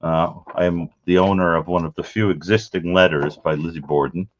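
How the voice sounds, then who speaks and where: Very deep-voiced man, dull lo-fi sound. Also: steady tone, slight background noise. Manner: unhurried, rambling, matter-of-fact. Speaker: guest collector of crime memorabilia. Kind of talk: casual show-and-tell chat.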